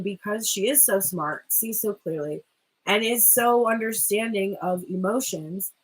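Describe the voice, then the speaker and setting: A woman's voice: medium pitch, breathy edge, poor audio. A woman giving a chatty, rambling tarot reading who swears casually and often laughs. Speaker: tarot reader.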